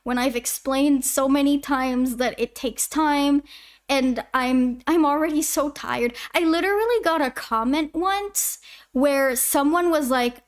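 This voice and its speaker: A twenty-year-old Canadian woman who animates for YouTube chats casually on a livestream in a high voice at a measured pace. She answers chat questions in a rambling, self-interrupting way.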